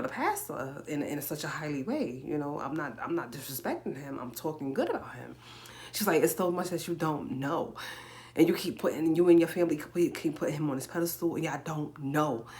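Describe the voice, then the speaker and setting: A woman in her forties telling a personal story on a livestream, casually, with many repeated words and acted-out quotes. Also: low-pitched. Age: 40s. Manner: repeats herself, acts out quoted speech. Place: home livestream.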